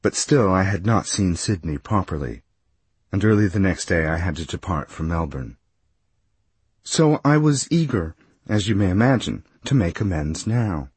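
A man's voice: deep voice, animated, normal speed, a little mellow, husky, no room sound. A man reading a humorous travel memoir aloud, with a dry, wry comic delivery. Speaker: narrator.

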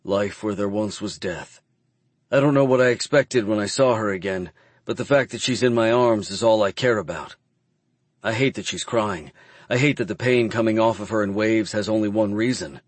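A man narrates a first-person romance chapter in a low voice. His delivery is measured and subdued. The recording is close and dry. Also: dry recording. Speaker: audiobook narrator.

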